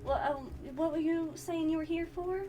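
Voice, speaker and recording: A woman playing a soft, apologetic young farm girl. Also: very high-pitched, steady tone, normal speed, a little hiss or hum, voice pushed up. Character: young woman farmer, apologetic, sweet, polite. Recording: distant mic with music behind.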